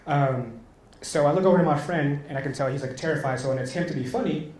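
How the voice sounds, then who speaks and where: A man's voice: a little high, fast, a little mellow. A man performing a stand-up comedy set, telling a story and often laughing at his own jokes. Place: small comedy venue stage. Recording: echoey room with faint noise.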